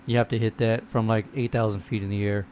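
A man's voice: fairly low pitch, level tone, quick pace, darkish tone, slight background noise. Laid-back, profane man chatting games. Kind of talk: casual gaming chat among friends.

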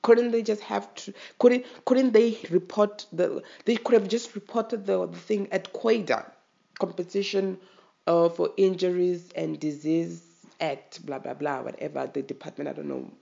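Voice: mid-range voice, fairly even intonation, normal speed, creaky, mellow, muffled recording. A podcast host with a South African accent, talking in an emotional, impassioned way and urging listeners to do better. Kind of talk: casual podcast monologue.

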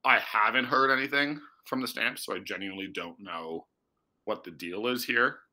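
Male sports reporter, casual chat, very bright and tense voice, hedges and restarts often. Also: lowish voice, normal speed, poor audio. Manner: thinks aloud with many fillers and restarts.

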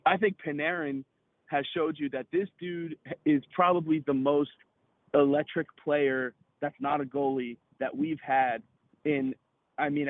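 A man in casual sports chat on a podcast, excitable and profane, rambling with lots of fillers. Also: fairly high pitch, dry recording. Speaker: podcast co-host. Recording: tinny phone-like line.

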